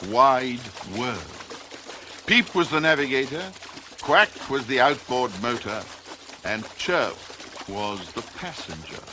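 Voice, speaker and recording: Guy reading a kids storybook out loud, slow and super expressive, lots of ups and downs. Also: mid-range voice, background noise. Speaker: storybook reader. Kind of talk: scripted storybook narration.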